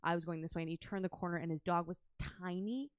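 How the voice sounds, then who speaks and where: Woman, lowish pitch, dry close mic, casual rambling comic storyteller who keeps putting herself down. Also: fairly even intonation, fast talker, clear, resonant tone, no room sound. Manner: self-deprecating storyteller, trails off. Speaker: comedy co-host. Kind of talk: casual comedic chat.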